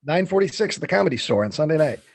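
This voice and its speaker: Man, husky voice, fairly high pitch, dry sound, rambling casual recap, swears a lot. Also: big pitch swings, very fast, no room sound. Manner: swearing, rambling with many fillers. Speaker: podcast co-host recapping the film. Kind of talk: casual film recap chat.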